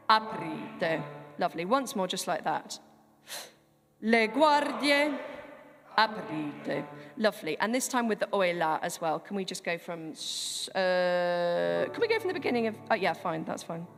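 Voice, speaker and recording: A woman's voice: on the low side, animated, moderate pace, vocal fry. A woman leading a choir rehearsal in a large church, chatty, encouraging and self-deprecating. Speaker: choir director. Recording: long church reverb, faint music.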